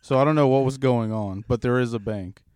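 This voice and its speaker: A young man chatting casually on a podcast, telling stories with lots of swearing and getting animated. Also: mid-range voice, a little fast, clean tone, dry recording. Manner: profane, animated storyteller. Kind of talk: casual chat.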